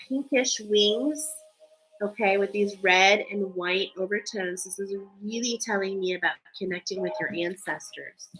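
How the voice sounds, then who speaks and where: A woman with a bright, clear voice leads a spiritual card reading, earnest and openly emotional. She reads the card texts aloud and then talks loosely around them, with plenty of "like" and "um". Soft music plays under her voice. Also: mid-range voice, poor audio. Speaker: tarot card reader.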